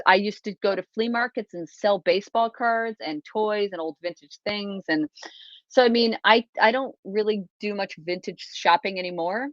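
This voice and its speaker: A woman's voice: lowish voice, no echo, lo-fi sound. A woman hosting a casual livestream chat from a small closet, rambling with lots of fillers and restarts. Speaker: livestream host.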